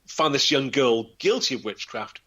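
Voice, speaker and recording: Acting out each character, this man spins a historical story in a vivid, theatrical style, as a local historian storyteller would. His medium-pitched voice has lively intonation, a fairly bright tone, and a breathy edge, at a normal speed.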